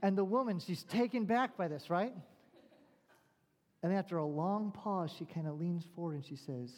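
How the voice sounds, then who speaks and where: A man preaching as a pastor, telling a story and asking slow, searching rhetorical questions. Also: sits high, darkish tone. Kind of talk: sermon. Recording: long reverb of a large hall.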